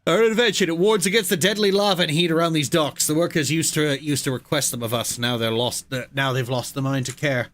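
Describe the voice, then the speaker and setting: A man voicing a proud, solemn insect smith from a video game, reading its lines slowly in a grand put-on accent. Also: on the high side, a bit bright, close to an everyday voice. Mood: haughty. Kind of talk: reading game dialogue aloud.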